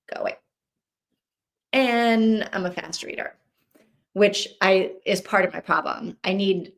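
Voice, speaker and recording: A woman's voice: on the low side, gravelly. A woman hosting a live reading stream, chatting casually and thinking aloud, rambling with restarts. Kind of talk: casual livestream chat.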